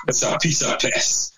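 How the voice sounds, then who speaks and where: A man telling a rambling anecdote over casual chat, swearing constantly. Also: low-quality recording. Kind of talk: casual storytelling.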